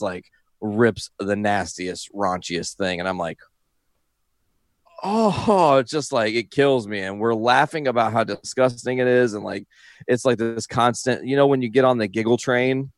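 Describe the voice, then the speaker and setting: A man's voice: medium pitch, dry recording, studio quality. A young man telling a rambling, profane story in casual chat, often breaking into laughter as he talks. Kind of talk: casual anecdote.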